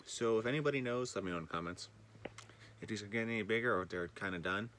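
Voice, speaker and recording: Casual male vlogger, deep-ish, loose and rambling, a little groggy. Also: quick pace, a bit bright, slight background noise. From northern British Columbia, Canada. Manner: loose and rambling, frequent swearing. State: a bit groggy, just woken. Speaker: vlogger touring his greenhouse garden. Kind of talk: casual chat. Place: greenhouse. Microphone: handheld camera.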